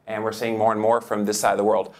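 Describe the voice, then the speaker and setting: A man giving a lively, joking seminar talk, jumping up in pitch for emphasis. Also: fast talker. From United States. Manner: enthusiastic, joking, with big pitch jumps for emphasis. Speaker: seminar speaker. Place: lecture hall.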